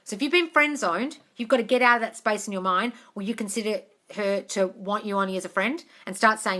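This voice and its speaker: Bright-voiced Australian woman coaching live. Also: mid-range voice, fast talker, few pauses. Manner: chatty, swears casually, calls listeners darling. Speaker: manifestation coach. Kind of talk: live-stream Q&A chat.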